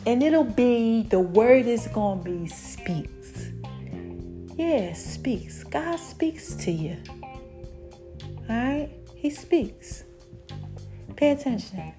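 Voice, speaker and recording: Black woman on her podcast, talking about god, animated, voice a bit high, soft music behind. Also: very slow, long pauses. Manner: animated and preachy, laughs often, swings high and low. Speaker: podcast host. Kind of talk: casual faith podcast monologue.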